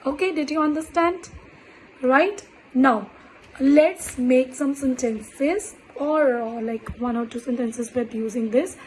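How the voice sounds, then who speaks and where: A woman teaching French in an online lesson, speaking deliberately and repeating words with many fillers. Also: high-pitched, slight background noise, rough recording.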